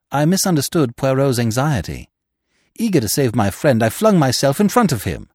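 A man narrating a classic story in an expressive, dramatic reading. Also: mid-range voice, normal speed, husky, dry recording, studio quality. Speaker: podcast narrator.

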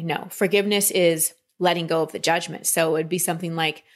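A woman coaching a client in a calm talk, often slipping into quoted inner voices. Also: fairly low pitch, a little fast. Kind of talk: coaching session.

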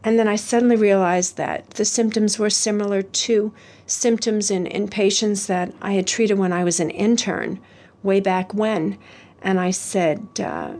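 A middle-aged woman, a doctor and mother, telling her personal story in an earnest, measured way. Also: mid-range voice, steady tone, darkish tone. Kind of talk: recorded personal story for a podcast.

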